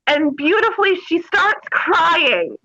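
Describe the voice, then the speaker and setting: Woman guest telling funny army stories, bright voice, lots of laughing, dull lo-fi sound. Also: very high voice, slow. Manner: animated, laughing, crude humor. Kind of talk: casual interview storytelling.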